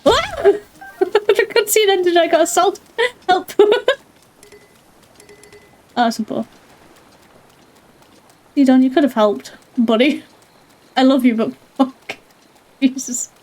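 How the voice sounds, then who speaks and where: A woman streaming a video game, chatting casually, playful and quick to laugh. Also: high-pitched, expressive, darkish tone. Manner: playful, laughs often, apologizes in mock panic. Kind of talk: casual gaming commentary.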